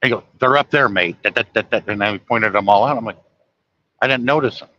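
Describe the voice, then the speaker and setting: A middle-aged man from the United States tells rambling stories in a bright, forceful voice, chuckling often and livening up when he quotes people. The sound is a bit dull and lo-fi. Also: fairly low pitch, fast, no room sound. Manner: chuckling often, animated when quoting others. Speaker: trucker telling stories. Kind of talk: casual storytelling monologue.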